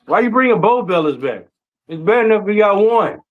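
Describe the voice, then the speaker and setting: Male co-host, emphatic, repetitive, slightly high voice. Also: expressive, phone-quality sound. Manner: emphatic, repeats himself, halting fillers. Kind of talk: casual chat.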